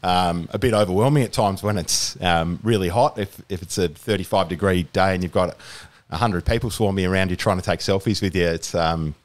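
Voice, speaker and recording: Deep-voiced Australian man chatting. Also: a little fast, few pauses. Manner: rambling, many fillers and restarts. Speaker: podcast guest. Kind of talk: casual chat.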